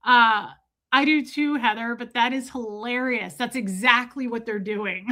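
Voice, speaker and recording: A woman's voice: on the high side, unhurried. A woman hosting a casual livestream, reading viewer comments and telling stories with frequent laughter. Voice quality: chatty, laughs often, animated storytelling. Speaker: livestream host.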